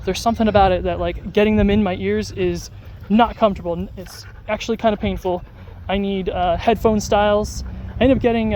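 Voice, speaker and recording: Adult vlogger just chatting on a walk, rambly, um and uh a lot, mid pitch, bit of outdoor noise. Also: a little mellow. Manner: rambling, many fillers and restarts. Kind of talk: casual vlog talk to camera.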